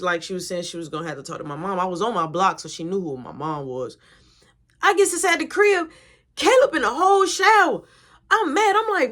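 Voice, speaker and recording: A young adult woman telling a casual story, animated and slangy, acting out the quotes. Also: mid-range voice, a little fast.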